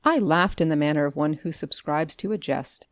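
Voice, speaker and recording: A woman narrating a classic story as an audiobook, with expressive storytelling. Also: low voice, moderate pace, dry recording, clean studio sound. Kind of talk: scripted narration.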